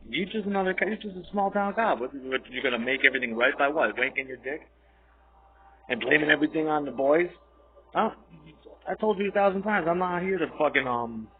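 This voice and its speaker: A man rants in a rambling, profane and combative way, his voice sitting a little high. The sound is thin and tinny, like audio sent over a phone line. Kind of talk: ranting monologue.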